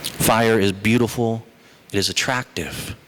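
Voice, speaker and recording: A male pastor delivering a sermon, moving between slow, weighty lines and quick, chatty asides. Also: lowish voice, a little hiss or hum. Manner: animated, shifts between slow emphatic phrases and quick asides.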